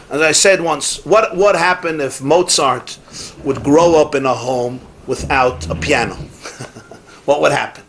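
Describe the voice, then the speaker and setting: Rabbi lecturing a class, fairly high voice for a man, punchy repetitions, faint background hiss. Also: fairly bright tone. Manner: emphatic, repeats key phrases, mixes in Yiddish and Hebrew words.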